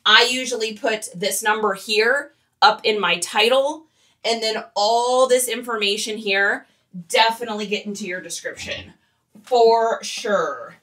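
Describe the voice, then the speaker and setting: A woman's voice: on the high side, a little slow, a bit bright, far from the mic. A woman who resells online, chatting casually and rambling while she photographs shoes. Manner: chatty and rambling, with fillers and laughs.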